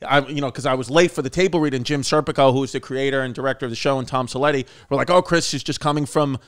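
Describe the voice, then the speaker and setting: A male comedy podcast host telling stories in a casual chat, jumping into loud acted quotes. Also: mid-range voice, fairly even intonation, rapid-fire.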